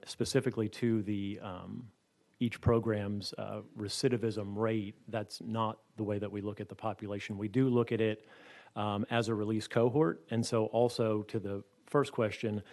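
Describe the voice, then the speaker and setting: A man testifies to a legislative committee as a corrections official. His voice sits low and barely moves in pitch. He works through figures in a measured, careful way. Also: a little mellow. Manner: measured, statistical, with frequent um fillers.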